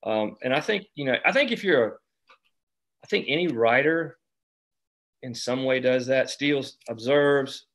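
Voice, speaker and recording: A man's voice: medium pitch, measured pace, pauses often, a bit bright. Rambling South Carolina man in conversation. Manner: rambling, lots of restarts and "you know". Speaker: author discussing his novel. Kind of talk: casual conversation.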